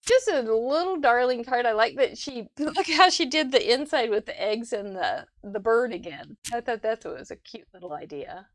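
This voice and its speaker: Gushing over the cards her viewers made, this host laughs frequently while running a live crafting show on a video call. She chats casually in a fairly high, animated voice at normal speed with few pauses, and the recording is dry.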